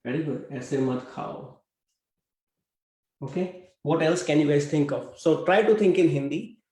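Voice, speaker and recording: A man's voice: fairly high pitch, animated, measured pace, a little mellow, reverberant, poor audio. A man teaching a language class over a video call, talking with many fillers and putting questions to his students. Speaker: Hindi teacher.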